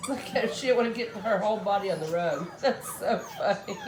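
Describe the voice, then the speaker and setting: A woman's voice: mid-range voice, expressive, a little fast, few pauses, reverberant, a crowd in the background. A woman filming her puppies at home, cooing and baby-talking to them and laughing often. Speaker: puppy breeder filming her litter. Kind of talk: casual home video narration. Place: indoors at home with dogs.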